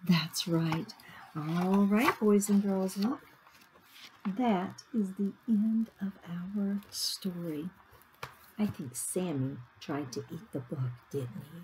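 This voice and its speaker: A woman teacher reading a picture book aloud to children, animated and asking them questions. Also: lowish voice, takes it slowly, slight background noise. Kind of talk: children's story time read-aloud.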